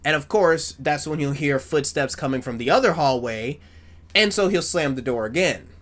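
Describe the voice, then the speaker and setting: A man giving casual fan commentary as a YouTuber, rambling and swearing in an animated way. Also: a little high, normal speed.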